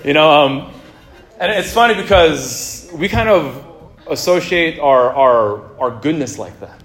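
A man preaching a sermon in a relaxed, conversational way, with jokes and asides to the congregation. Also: a little high, a little slow. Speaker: pastor. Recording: echoey room.

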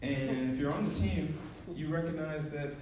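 A man in his 40s who preaches and coaches track gives a joking, conversational sermon with plenty of laughter. His fairly high, darkish voice moves at normal speed, picked up from a distance in a very echoey church sanctuary with slight background noise.

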